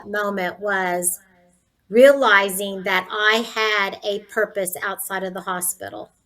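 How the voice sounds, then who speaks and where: A woman's voice: mid-range voice, sharp tone, rough recording. A woman in her sixties, a nurse turned entrepreneur, telling her story as an interview guest in an earnest, faith-filled, candid way. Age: 60s.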